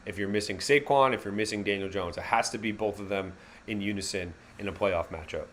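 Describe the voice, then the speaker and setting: A man's voice: lowish voice, brisk, a bit bright, a little hiss or hum. Slangy man doing fan play-by-play. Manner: casual, slangy, wisecracking, correcting himself mid-sentence. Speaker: host of a live fan reaction stream. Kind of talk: live play-by-play fan reaction commentary.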